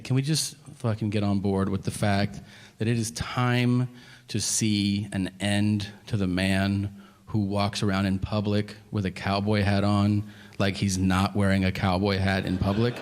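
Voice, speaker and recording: A man doing stand-up, telling a story in an exasperated, incredulous, profane way, his voice jumping high in disbelief. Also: steady tone, measured pace. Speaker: stand-up comedian. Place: comedy stage with a laughing audience. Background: audience laughter.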